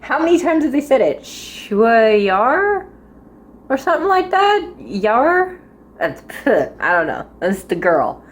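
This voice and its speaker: Young woman w/ a high voice, chatty and giggly, just rambling about a show. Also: very animated, takes it slowly. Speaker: drama reviewer. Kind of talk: casual spoken review.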